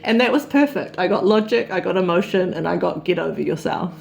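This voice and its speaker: A woman's voice: fairly low pitch, expressive, a little fast, vocal fry, faint music behind. A woman, telling a personal story as an open, reflective vlog monologue. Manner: open, confessional storytelling with soft laughs. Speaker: vlogger.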